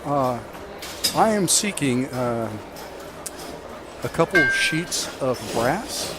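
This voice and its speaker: A man voicing a polite, formal male adventurer who speaks in measured phrases. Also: medium pitch, animated, heavy background noise.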